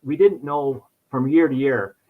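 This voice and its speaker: In a relaxed interview on a podcast, a rambling middle-aged New York insurance agent keeps circling back and restarting his sentences. His voice is of ordinary male pitch and a little slow. Everything sounds muffled and lo-fi.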